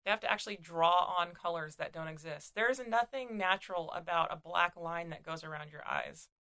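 Gravelly, bright young woman, blunt. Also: fairly low pitch, a little fast. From California, USA. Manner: blunt, sardonic. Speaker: podcast co-host, comedian. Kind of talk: casual chat.

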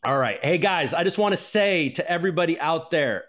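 A man hosting a live crypto news show, talking casually, joking and laughing often, with loud bursts and muttered asides. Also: a little high. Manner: animated, joking, quick to laugh; swings between loud bursts and mumbled asides. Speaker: host.

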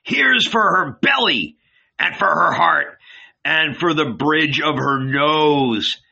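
A man reading aloud and voicing a brutal male slave, shouting and jeering. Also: fairly high pitch, animated, slow pace, vocal fry, slightly rough, lo-fi sound, voice pushed up, heavily acted. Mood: savage jeering. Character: savage male slave jeering while stoning.

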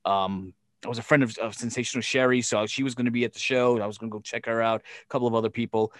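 A man hosting a podcast, telling a story in casual chat, animated and profane, acting out scenes as he goes. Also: mid-range voice, fast, no room sound, clean studio sound.

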